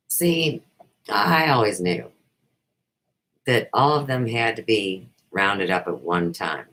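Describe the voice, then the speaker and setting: A woman's voice: rumbling low, expressive, takes it slowly, pauses often, a bit bright, a little hiss or hum, rough recording. A middle-aged woman hosting a talk show, delivering a rambling, emphatic monologue. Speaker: host.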